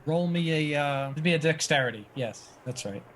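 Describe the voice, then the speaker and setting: A man narrating a tabletop game as dungeon master, halting and restarting often as he describes the scene. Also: on the high side, a bit bright, a little hiss or hum.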